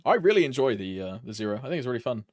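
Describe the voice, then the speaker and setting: Young British male streamer, casual chatter with lots of pitch movement, dry close sound. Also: sing-song, racing, no echo. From Britain. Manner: rambling, swears casually, chats with viewers while playing. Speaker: game streamer. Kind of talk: casual live-stream chat.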